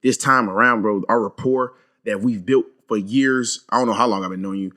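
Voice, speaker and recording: Young male podcast co-host, rapid-fire, profane, emphatic storyteller. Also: fairly low pitch, sharp tone. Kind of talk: casual chat.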